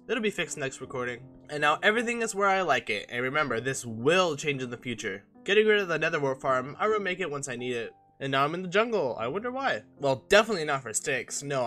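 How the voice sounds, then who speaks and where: A man's voice: a little high, sharp tone. A young man giving a casual, joking and self-mocking voice-over on his own gameplay footage. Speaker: gaming channel host.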